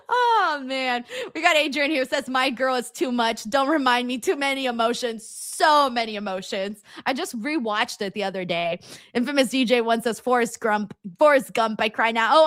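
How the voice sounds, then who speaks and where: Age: unknown. Sex: woman. Role: streamer hosting a wrestling watchalong, reading chat. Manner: laughs a lot and swears casually. Sound: bright and somewhat high, dry close recording. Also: moderate pace, no echo. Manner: laughs often, swears freely, animated and chatty. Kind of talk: casual chat reacting to a live show and reading comments.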